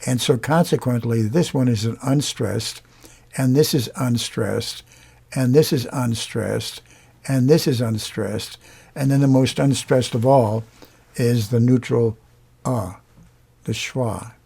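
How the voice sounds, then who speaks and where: A man teaching a lesson on vowels, explaining slowly and demonstrating each sound aloud. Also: mid-range voice, creaky, dark tone, husky. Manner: unhurried, pausing often, demonstrating sounds. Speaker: singing teacher.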